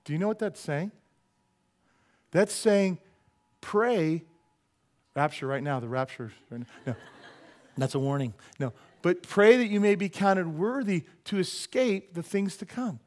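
Pastor, male, high voice, jokey animated sermon delivery in church. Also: a little slow, long pauses. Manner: animated, joking, rhetorical questions. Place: church sanctuary.

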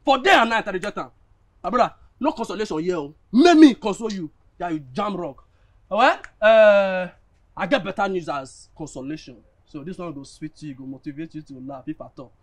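A man's voice: high-pitched, animated, fairly quick. An actor playing a blunt, teasing young male friend, speaking Nigerian Pidgin. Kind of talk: film drama acting.

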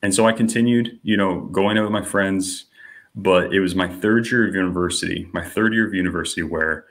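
A man's voice: deep voice, fairly even intonation, a little fast, a bit bright. A young man telling a personal faith story in a casual podcast conversation, with many fillers like "you know" and "like", and acting out the voices of the people he quotes. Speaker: podcast guest.

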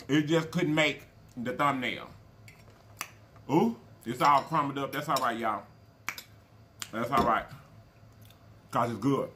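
A man's voice: fairly high pitch, pushed and bright, a little hiss or hum. A man hosting a casual eating show, folksy and chatty, calling viewers y'all and baby and humming over his food. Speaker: mukbang channel host.

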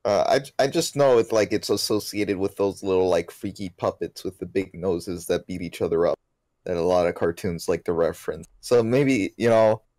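A man co-hosting a podcast in casual chat, talking haltingly with many restarts. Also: low voice, warm tone, no room sound. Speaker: podcast co-host. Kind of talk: casual chat recapping a cartoon.

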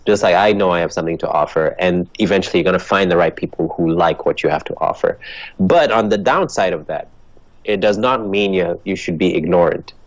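A man's voice: low voice, a little fast, dry recording, highs cut off. A man with a transatlantic accent, a guest giving earnest motivational answers in an interview and laughing easily. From Ethiopia. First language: Dutch. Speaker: guest, actor and comedian.

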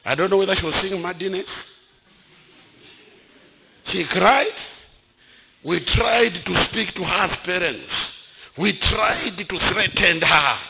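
A man, preaching a sermon as pastor, breaking into shouted bursts and chuckles. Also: sits high, takes it slowly, creaky, pauses often, highs cut off, slight background noise. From Zambia.

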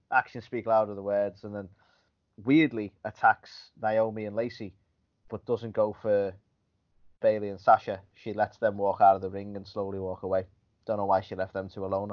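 A man co-hosting a podcast, chatting casually about wrestling in a rambling, griping way. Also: on the low side. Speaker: podcast co-host. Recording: dull lo-fi podcast audio.

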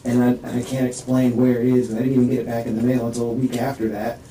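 A distressed man in a police interview room rambles through a halting statement, full of restarts, his voice rising and strained. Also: mid-range voice, little pitch movement, mellow. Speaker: suspect being questioned. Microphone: distant room microphone. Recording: echoey room, distant mic, faint hiss.

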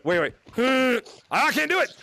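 A man hosting a live fan event while playing a VR game, chatting excitably and restarting his sentences through a headset mic. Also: very high-pitched, creaky. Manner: excitable, rapid, restarts often. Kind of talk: casual live gameplay chat.

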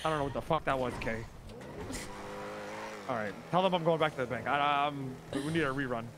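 A man's voice: medium pitch, a little fast, background noise. A man in casual game role-play, talking in a brash, boastful way and swearing a lot.

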